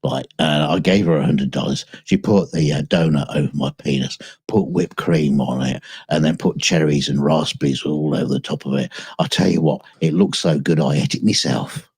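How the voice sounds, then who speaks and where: A man co-hosting a podcast, telling crude comic stories with a husky voice and frequent laughter. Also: extremely low pitch, normal speed, few pauses, darkish tone, no echo. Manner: laughs often, tells bawdy stories. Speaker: podcast co-host. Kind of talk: crude comedic banter.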